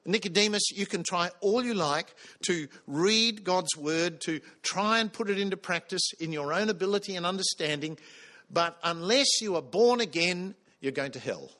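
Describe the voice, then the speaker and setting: A man's voice: high voice, expressive, moderate pace, pushed and bright. A man preaching a sermon, earnest, putting questions to the congregation.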